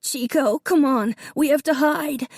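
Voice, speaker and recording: A woman voicing a small, tearful young boy who pleads in a high, slow voice in an audiobook. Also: a little mellow, no room sound, studio quality. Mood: wailing.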